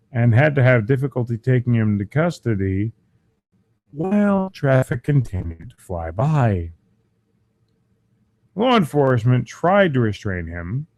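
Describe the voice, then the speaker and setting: Man, podcast host, strained voice, crude mocking rant, lively swinging pitch, dry close sound. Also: dry recording. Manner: profane, mocking, animated.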